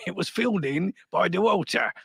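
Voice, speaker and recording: A man's voice: sits high, animated, moderate pace, vocal fry, a bit bright, slightly rough, no echo, clean studio sound, exaggerated voice. A man voicing a pompous old English policeman in a put-on English accent, plummy and stiff.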